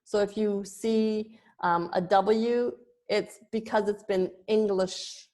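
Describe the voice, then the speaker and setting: A woman's voice: medium pitch, fairly even intonation, dark tone. A woman yoga teacher explaining Sanskrit pronunciation, sounding out letters one by one. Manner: explanatory, demonstrates sounds slowly.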